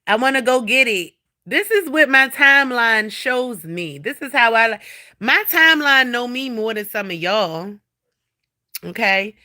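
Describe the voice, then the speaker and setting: A woman talks to her livestream viewers from home in a bright, forceful voice. She is animated and blunt, swears freely and speaks right to the people watching. It is recorded on a phone. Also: on the high side, unhurried. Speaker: livestream host. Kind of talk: casual livestream chat. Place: at home indoors.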